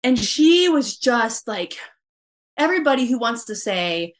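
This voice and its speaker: Animated woman telling her story. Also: on the high side, measured pace. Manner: animated, quotes her own thoughts, many fillers. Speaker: podcast guest. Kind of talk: casual storytelling.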